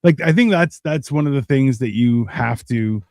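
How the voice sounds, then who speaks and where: A man's voice: medium pitch, normal speed, darkish tone, no echo, clean studio sound. A man hosting a casual podcast chat, reflective and wry, often restarting his sentences. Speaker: podcast host.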